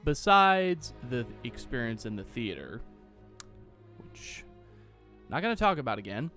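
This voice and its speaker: A man's voice: medium pitch, sing-song, a little slow, sharp tone. Young guy ranting bout a movie, voice jumps all over, sarcastic and cussing, faint music under. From Austin, Texas. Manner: exasperated, sarcastic, swears freely; mocks dialogue in silly voices. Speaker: movie reviewer. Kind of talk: ranting solo commentary.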